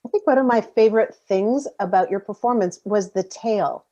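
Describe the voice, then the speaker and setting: A woman hosting a behind-the-scenes interview over a video call, introducing each guest in an upbeat, measured way. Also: mid-range voice, dark tone. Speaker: interviewer host. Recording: muffled lo-fi video call audio.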